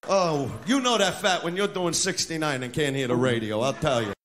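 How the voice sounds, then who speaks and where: Brash crude stand-up comedian, high voice. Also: male voice, normal speed. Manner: brash, crude, shouted punchlines. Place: comedy club stage. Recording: live club recording with crowd noise. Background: audience laughter and noise.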